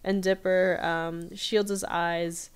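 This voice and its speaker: A woman's voice: lowish voice, level tone, takes it slowly, smooth. A woman co-hosting a casual podcast, chattily retelling an episode with many fillers. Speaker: podcast co-host.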